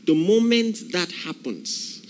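A man's voice: high voice, big pitch swings, takes it slowly, a little hiss or hum. A man preaching a sermon, emphatic, repeating key phrases and acting out the voices of people in the story.

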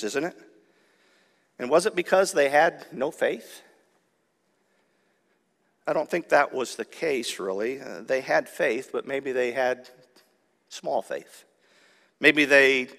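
A man preaching a Sunday sermon at a mid-range pitch, talking it through with the congregation and tossing them rhetorical questions. His voice carries a long reverb off the walls of a church hall. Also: vocal fry, fairly bright tone. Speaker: pastor. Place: church sanctuary.

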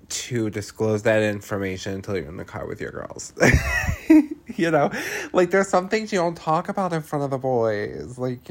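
A man hosting a podcast, recapping a horror film in casual chat, laughing often, swearing freely and throwing in dramatic asides. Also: fairly low pitch.

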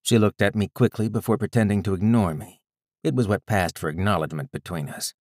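A man reading a first-person story aloud in a measured, gritty storytelling manner. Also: on the low side, a little mellow, no room sound, studio quality. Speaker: audiobook narrator. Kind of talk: scripted first-person narration.

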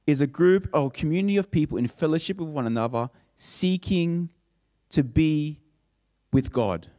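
A man with a high-pitched voice preaches a sermon, building each point through emphatic repeated phrases. His words trail off into a long hall reverb, as if carried through a church sanctuary. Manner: emphatic, repetitive preaching cadence. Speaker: pastor.

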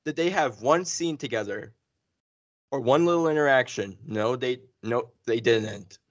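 A man co-hosting a podcast, chatting casually and excitedly through a spoiler review, full of fillers and restarts. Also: mid-range voice, measured pace, dry recording. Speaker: podcast co-host. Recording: dull lo-fi sound.

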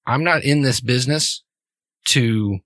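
A stoic, guarded young man speaks in flat, clipped replies, as a game master puts him on. His tone is bright and forward. The sound is dry and close. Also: medium pitch, a little slow, no echo, natural voice.

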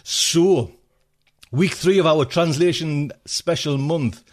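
A man's voice: a little high, slow. A man hosting a podcast, introducing a narrator in a chatty, laughing manner. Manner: chatty, laughs and ad-libs while reading. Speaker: podcast host. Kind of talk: casual show introduction.

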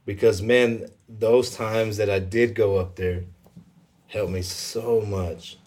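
A man telling a personal faith story in a casual conversation, emotional and halting, with many fillers. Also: on the low side, steady tone, darkish tone.

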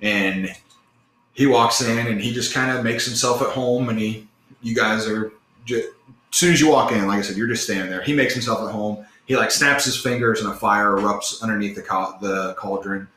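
Male game master, rambling narration, low voice, roomy echo, faint background noise. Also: moderate pace, pushed and bright. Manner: rambling, filler-heavy narration. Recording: echoey room.

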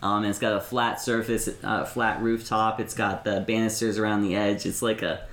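A man narrating as game master of a tabletop game, talking haltingly with fillers and restarts. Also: fairly low pitch, little pitch movement, fairly bright tone, echoey room.

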